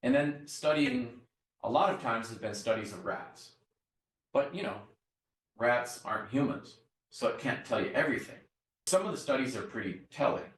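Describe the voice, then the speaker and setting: A man's voice: mid-range voice, animated, normal speed. Man lecturing in an echoey classroom. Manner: explanatory, checks in with the class by asking "right?". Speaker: university lecturer. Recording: echoey classroom, mic far off.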